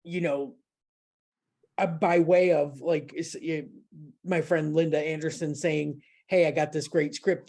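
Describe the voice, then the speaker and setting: A woman's voice: low-pitched, warm tone. A woman hosting a podcast, chatting casually and telling a story with lots of fillers and restarts. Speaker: podcast host. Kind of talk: casual chat.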